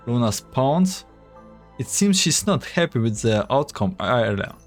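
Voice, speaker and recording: Slow, offhand male game narrator. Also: medium pitch, very animated, soft background music. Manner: offhand, self-correcting. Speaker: game story reader. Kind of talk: casual narration with commentary.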